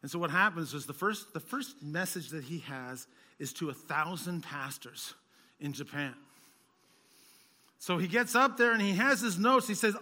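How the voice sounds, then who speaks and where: A man preaching a sermon as a pastor, telling stories and rising to loud, emphatic peaks. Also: a little high, expressive, moderate pace, big-room sound.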